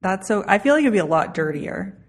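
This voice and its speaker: A woman's voice: mid-range voice, lively intonation, fairly quick. A woman co-hosting a podcast in casual chat, giggly and self-deprecating, laughing easily. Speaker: podcast co-host.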